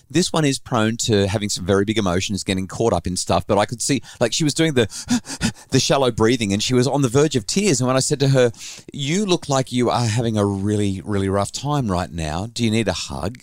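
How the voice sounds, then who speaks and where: A middle-aged man hosting a parenting podcast, telling a family story in an animated way with frequent restarts. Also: on the low side, no room sound.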